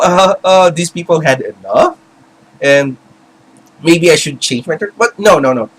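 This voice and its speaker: A man's voice: fairly high pitch, big pitch swings, unhurried, slightly rough, poor audio. A man giving an impassioned, rambling commentary rant, with many fillers and restarts. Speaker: video commentator. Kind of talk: ranting commentary.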